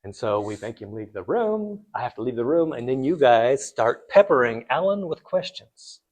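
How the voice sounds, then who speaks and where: A man's voice: medium pitch, big pitch swings, moderate pace, darkish tone. A man lecturing on finance to students in a conversational way, asking rhetorical questions and adding blunt asides. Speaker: finance instructor.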